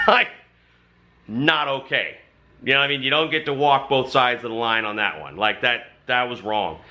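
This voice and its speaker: A man's voice: medium pitch, moderate pace, sharp tone. A man who hosts a channel and belongs to a motorcycle club, telling a story to camera in casual, emphatic talk with some mild swearing.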